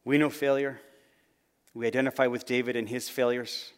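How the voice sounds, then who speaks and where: Male pastor, sermon, earnest, mid-pitched voice, soft low phrase endings, long hall reverb. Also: flat delivery, moderate pace, clean tone.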